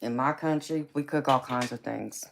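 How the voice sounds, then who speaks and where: A woman hosting a tarot live stream with a raspy voice. She answers viewers in a casual, forthright way and calls them baby and honey. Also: rumbling low, normal speed. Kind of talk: casual live-stream chat reading comments. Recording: clear background noise.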